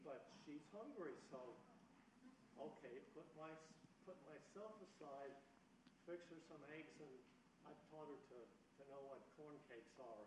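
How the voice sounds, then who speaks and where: A man's voice: fairly high pitch, animated, unhurried, noisy background. Distant man speaking up from the audience. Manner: rambling, informal. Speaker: audience member. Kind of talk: casual sharing. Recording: roomy, distant from the mic.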